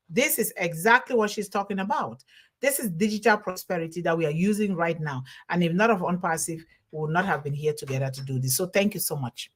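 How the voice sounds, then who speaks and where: A woman's voice: lowish voice, brisk, fairly bright tone. A woman who is not a native English speaker hosts a live online show from home. She thanks viewers one by one by name and reads their comments aloud. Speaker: host. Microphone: home livestream over internet.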